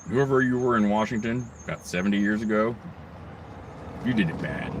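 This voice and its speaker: A man's voice: fairly low pitch, a little fast, background noise. A man ranting on his own channel, rambling and swearing heavily, with mocking asides. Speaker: video blogger. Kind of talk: angry profane rant.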